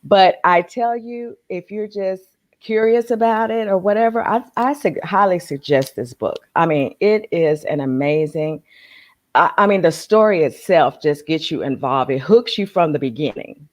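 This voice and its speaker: A woman co-host in casual chat, relaxed and rambling, with many fillers and restarts. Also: fairly low pitch, moderate pace.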